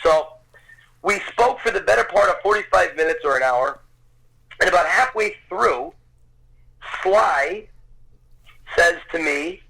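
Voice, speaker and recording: A man in his fifties talks as a podcast guest in a bright, ringing voice that sits a little high for a man. He tells his story in a gushing, excitable way and often circles back over his own words. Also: measured pace, gravelly, long pauses, slightly rough, rough recording. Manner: excitable, gushing, repeats himself. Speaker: podcast guest, Rocky film tour guide. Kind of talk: storytelling anecdote.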